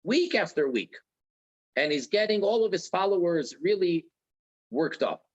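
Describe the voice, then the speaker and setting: Guy teaching a religion class, lively up and down voice, repeats himself to make a point. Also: sits high, a little slow, dull audio. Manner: earnest, repeats key phrases for emphasis. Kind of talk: religious lecture.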